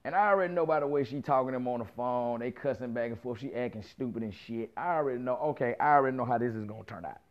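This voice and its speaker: A man in his thirties tells a story as a casual, animated rant, full of slang, profanity and acted-out quoted dialogue. His mid-range voice comes fast with hardly any pauses, and the recording is muffled and lo-fi.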